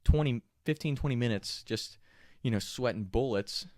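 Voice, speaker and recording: A young man casually telling a funny, profane story, animated and laughing often. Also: medium pitch, normal speed, no echo, studio quality.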